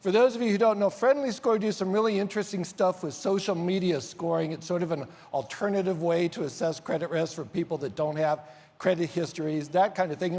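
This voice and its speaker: A man emceeing a large conference on stage, telling an animated story with big swings in loudness. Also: high-pitched. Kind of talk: onstage conference speech. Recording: reverberant hall sound.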